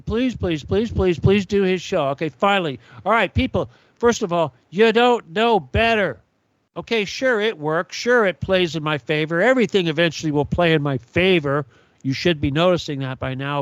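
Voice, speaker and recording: A man's voice: fairly high pitch, a bit bright, no echo, low-quality recording. A man hosting his own radio show, ranting in a rambling, profane monologue and acting out both sides of quoted arguments. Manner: heated, profane, rambling with quoted back-and-forth.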